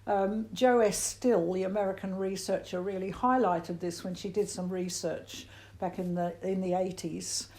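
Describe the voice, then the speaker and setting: An older woman from Australia with an Australian accent, a singing teacher answering interview questions in an animated way and breaking into voice demonstrations. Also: normal speed, hardly any pauses. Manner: animated, demonstrates voices with big pitch jumps.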